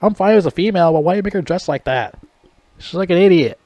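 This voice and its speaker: A man casually reviewing a movie in a rambling, profane way, getting loud and animated when he is outraged. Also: high-pitched, quick pace, dry recording.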